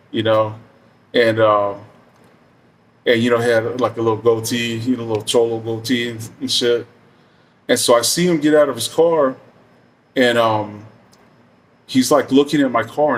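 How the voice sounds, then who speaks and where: A man's voice: mid-range voice, recorded from a distance. A middle-aged man telling a story casually, rambling and profane with many fillers.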